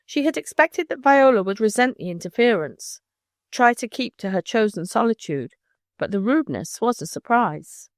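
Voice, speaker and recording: A woman narrating a children's novel audiobook in a measured, expressive way. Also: on the high side, no echo. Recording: dry close studio sound.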